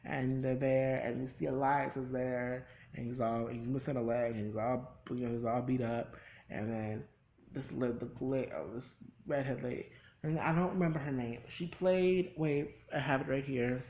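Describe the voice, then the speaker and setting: A man giving a casual, rambling spoken recap of a TV episode, with many restarts and quick acted-out quotes. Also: medium pitch, fairly even intonation, a little mellow, rough recording.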